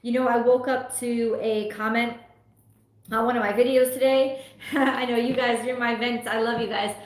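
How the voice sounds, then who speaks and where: A woman's voice: a little high, level tone, moderate pace. Frustrated woman venting on a livestream. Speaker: tarot reader. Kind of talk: casual livestream talk. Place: home. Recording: echoey room.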